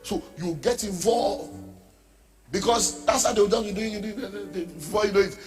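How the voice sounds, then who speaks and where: A man's voice: high-pitched, normal speed, long reverb tail, faint music behind. A middle-aged Nigerian man preaching a sermon as pastor, emphatic, dropping into pidgin asides and mimicking the people he talks about.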